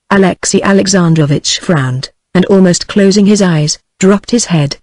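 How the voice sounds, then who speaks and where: A text-to-speech female voice with a British English accent, reading a novel aloud in an even, steady delivery. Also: lowish voice, normal speed, few pauses, no echo, low-quality recording. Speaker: audiobook narrator. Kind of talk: synthetic audiobook narration.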